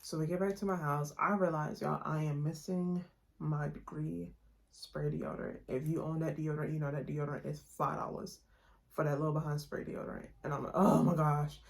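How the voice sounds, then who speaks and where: A young woman vlogger telling a storytime in a chatty, slangy, animated way to her viewers. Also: low-pitched, a little fast, gravelly. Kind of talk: casual storytime chat.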